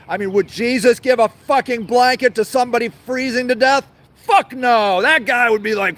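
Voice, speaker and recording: A man's voice: very high-pitched, moderate pace, fairly bright tone. A man hosting his own show from an outdoor garden, ranting angrily and sarcastically, swearing a lot and repeating himself. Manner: angry, profane, sarcastic, repetitive. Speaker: show host. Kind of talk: profane outdoor rant.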